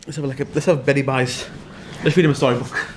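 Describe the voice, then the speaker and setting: A man's voice: mid-range voice, fairly even intonation, quick pace. A man in a casual home vlog, mock-threatening and teasing with lots of swearing. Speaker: vlogger. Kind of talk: playful banter with a dog. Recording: noisy home video.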